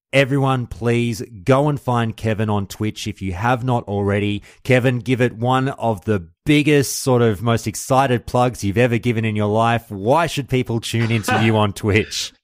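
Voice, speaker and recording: A man's voice: medium pitch, normal speed, dry recording, clean studio sound. A man hosting a call-in podcast, chummy and effusive, calling everyone mate. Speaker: podcast host. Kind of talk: casual call-in chat. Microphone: call recording.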